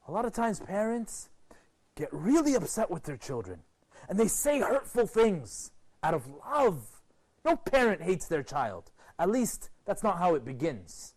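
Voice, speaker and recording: A man presenting a TV program, giving an expressive motivational lecture to a group and asking rhetorical questions. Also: a little slow. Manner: expressive, rhetorical questions, sweeping pitch swings.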